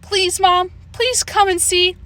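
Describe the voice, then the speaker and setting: A woman's voice: very high voice, takes it slowly, voice pushed up, heavily acted. A woman voicing a scared young girl who pleads and frets in an audiobook reading. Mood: pleading. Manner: pleading, excitable.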